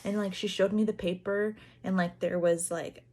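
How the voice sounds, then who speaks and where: A young adult woman telling a personal family story, halting and earnest, with frequent fillers like "like" and "um". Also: medium pitch, fairly even intonation, darkish tone. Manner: earnest, halting retelling full of "like" and "um"; acts out others' lines in quoted dialogue.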